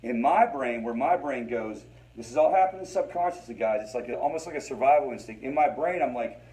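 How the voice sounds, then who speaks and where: A man of middle pitch leads a support group in a loose, conversational teaching style. He repeats himself for emphasis and keeps checking in with the listeners. His delivery is informal and unscripted. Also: lively intonation, brisk, hardly any pauses, warm tone, rough recording. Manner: conversational, repeats phrases, addresses listeners as guys. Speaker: recovery group facilitator.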